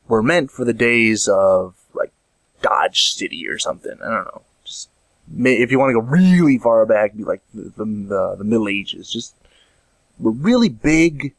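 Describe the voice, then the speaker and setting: A male vlogger in a rambling, jokey monologue that swings up and down in pitch. He sits close to the mic in a dry room with no echo. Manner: rambling, jokey storytelling with many restarts. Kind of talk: casual comedic monologue.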